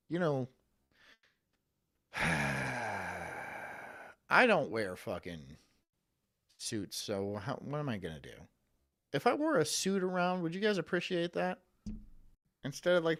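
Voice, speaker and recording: A man's voice: on the high side, very animated, normal speed, fairly bright tone. A man streaming live, chatting casually with his viewers in a rambling, profane, self-mocking way.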